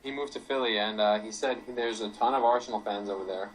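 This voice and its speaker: A young man co-hosting a casual football chat in a relaxed, laid-back way. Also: on the low side, fast, a little hiss or hum, poor audio. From United States. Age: young adult. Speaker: co-host.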